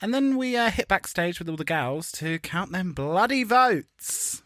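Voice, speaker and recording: A man's voice: expressive, a little slow, a bit bright, no room sound, clean studio sound. A man co-hosting a podcast, chatting casually in a camp, sarcastic way. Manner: camp, sarcastic, big swoops in pitch. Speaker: podcast co-host. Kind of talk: casual chat.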